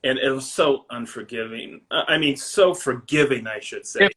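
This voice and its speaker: A man's voice: mid-range voice, animated, moderate pace, fairly bright tone. A middle-aged man with a Maine accent, chatting casually as a guest, rambling with many fillers and frequent laughs. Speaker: guest, finisher. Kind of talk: casual chat.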